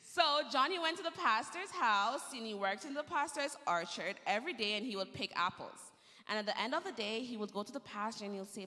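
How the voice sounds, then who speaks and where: A woman telling a story to children during a church service, gentle and lively, in a church sanctuary. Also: fairly high pitch, quick pace, big-room sound.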